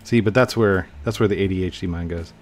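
A young man giving casual gameplay commentary, chatting to himself with sudden excited outbursts. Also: low-pitched, fast talker, faint music behind. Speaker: gaming YouTuber.

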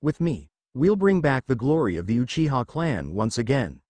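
A man voicing a lonely young boy making a quiet, determined vow to himself, in a fan fiction story reading. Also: medium pitch, big pitch swings, normal speed, dry recording. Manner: quiet, resolute inner vow.

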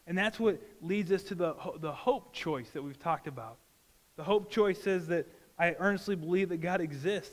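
A pastor preaching a sermon in an earnest, conversational way. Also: male voice, sits high, big-room sound. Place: church sanctuary.

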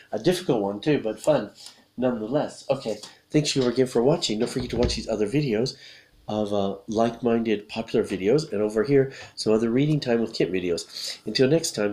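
A man teaching English by reading a children's picture book aloud, explaining patiently and repeating each line, then bursting into loud acted shouts. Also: mid-range voice.

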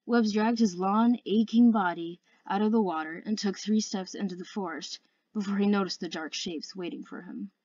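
A woman's voice: mid-range voice, normal speed, a little mellow, no room sound, dull audio. Earnest woman reading a fantasy novel aloud. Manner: earnest, careful reading with occasional slips. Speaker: audiobook reader. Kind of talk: amateur audiobook narration.

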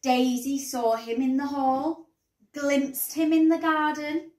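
A woman teacher reading a bedtime story aloud in an expressive storybook manner, in a roomy recording. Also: sits high, slow pace, distant mic. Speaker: primary school teacher. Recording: roomy echo.

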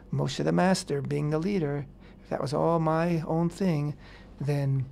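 A man on a radio talk show explaining a Bible passage in a casual, animated way, acting out the characters' words in paraphrase. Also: a little high, gravelly, slight background noise. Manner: animated, acts out quotes in paraphrase, many fillers. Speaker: radio host teaching the weekly Torah portion. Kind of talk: casual Torah discussion on radio.

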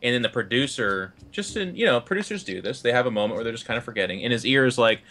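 A man with a bright, slightly tense voice who talks quickly. He tells a story on a panel show in a lively way and keeps restarting his sentences. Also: medium pitch. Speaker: esports caster. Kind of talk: animated anecdote on a panel.

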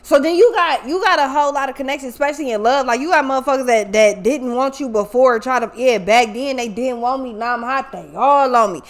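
Speaking fast with few pauses, this tarot reader has a high voice. Her casual monologue is blunt and full of profanity, delivered emphatically with frequent repetition.

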